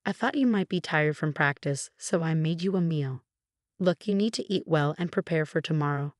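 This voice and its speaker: A woman's voice: low voice, moderate pace, no echo, studio quality, lightly acted. A woman voicing a scheming, cold mother-in-law in a narrated story, sweet-talking then defensive.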